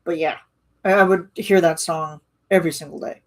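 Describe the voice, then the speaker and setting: A woman's voice: lowish voice, steady tone, moderate pace. A woman rambling casually in a live-stream chat with her viewers, full of restarts and fillers. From Canada.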